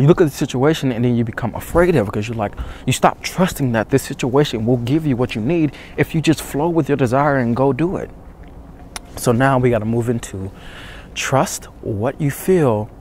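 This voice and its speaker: A man giving dating advice in a hushed, intense voice, urging again and again, shivering from the cold outdoors before dawn. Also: medium pitch, slight background noise. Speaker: dating coach. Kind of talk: motivational talk to camera.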